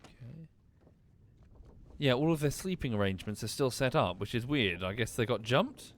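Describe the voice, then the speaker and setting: Lively man thinking aloud over a game. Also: mid-range voice, normal speed. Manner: thinks aloud, muttering and swearing. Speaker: streamer. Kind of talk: casual gameplay commentary.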